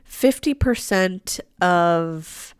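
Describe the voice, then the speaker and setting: This true crime livestream host is a young woman who keeps things blunt and casual, cursing freely and laughing mid-sentence. Her lowish, congested, nasal voice is animated yet extremely slow. The sound is clean, echo-free, and studio quality.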